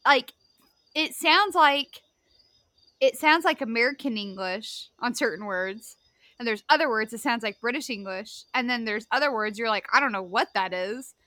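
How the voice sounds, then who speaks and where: A woman co-hosting a podcast in casual chat, playful and quick to laugh. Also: fairly high pitch, animated, pushed and bright, no echo. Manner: playful, laughs often, tries silly accents. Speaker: podcast co-host.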